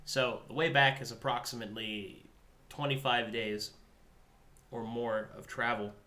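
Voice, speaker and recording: A man's voice: mid-range voice, steady tone, unhurried, pushed and bright. A man running a tabletop game as game master, recapping events in a wry, teasing way.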